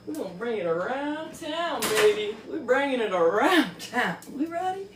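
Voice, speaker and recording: A woman giving casual reaction commentary on a book, mocking, profane and quick to exclaim and laugh. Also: a little high, very animated, a little hiss or hum. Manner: laughs often.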